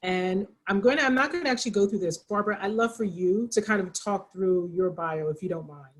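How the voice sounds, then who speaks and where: A woman's voice: mid-range voice, a little fast, a little hiss or hum, rough recording. A woman with a Pennsylvania accent hosting a library video call, chatty and rambling with frequent restarts. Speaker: library program host. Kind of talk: casual moderated video call.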